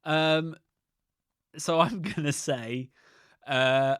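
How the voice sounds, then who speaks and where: A man's voice: mid-range voice, lively intonation, a little fast, fairly bright tone, no room sound. A man co-hosting a podcast, giving short dry replies and laughing easily in casual chat. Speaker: podcast co-host.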